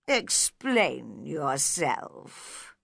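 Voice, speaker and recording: A woman voicing a sleepy, unfriendly male caterpillar who smokes a pipe, speaking very slowly and curtly. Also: deep voice, sing-song, gravelly, a bit bright, no echo, studio quality, voice pushed down, heavily acted. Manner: very slow, drawn-out and curt.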